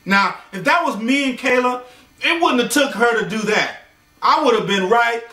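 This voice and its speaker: High, bright-voiced man telling a joking story. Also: moderate pace. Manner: animated, jokey, slangy. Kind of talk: casual bedtime storytelling with joking asides. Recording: echoey room, voice far from mic.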